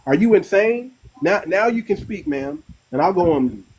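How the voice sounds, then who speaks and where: A man hosts a live audio-room debate and talks with heat. He drives his points by repeating phrases again and again. His voice sits a little high for a man. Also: very animated, normal speed, husky, low-quality recording. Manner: forceful, repeats phrases for emphasis. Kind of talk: heated live-stream debate.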